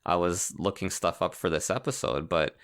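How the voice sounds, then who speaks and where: Man, low voice, casual podcast chat, animated, laughs a lot. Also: clean tone. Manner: animated, laughs often, fast asides. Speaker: podcast co-host. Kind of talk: casual chat about video games.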